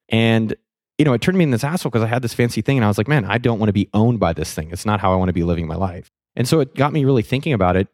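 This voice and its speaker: A young adult man with a fairly low voice tells a personal story in a casual, self-mocking way, cursing freely and getting animated as it builds. The sound is dry and close, with no room around it. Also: dry recording. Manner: candid, self-mocking, swears freely, animated on key moments. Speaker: vlogger telling a personal money lesson.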